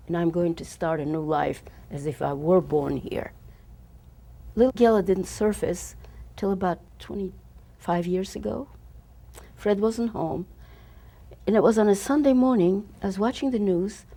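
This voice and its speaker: Elderly European-born woman recalling her past. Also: fairly low pitch. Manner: earnest, halting, with repeated words and restarts. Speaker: Holocaust survivor giving testimony. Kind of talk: personal testimony, recalled aloud. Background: soft instrumental music.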